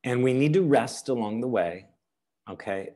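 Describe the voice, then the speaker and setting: A man giving a teaching webinar over a video call, unhurried, often checking in with "all right?" and "okay?". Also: medium pitch, animated, warm tone. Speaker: webinar presenter.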